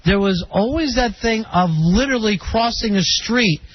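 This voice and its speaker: A man's voice: sits high, lively intonation, normal speed. A man hosting a call-in radio show, chatting casually and joking with callers. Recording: dull lo-fi radio broadcast.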